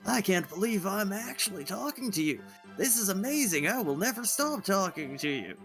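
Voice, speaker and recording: A man's voice: high voice, very animated, a bit bright, soft background music, heavily acted. A man doing a starstruck game kid. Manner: reading game dialogue aloud, drawn-out. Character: starstruck young male fossil fighter, eager.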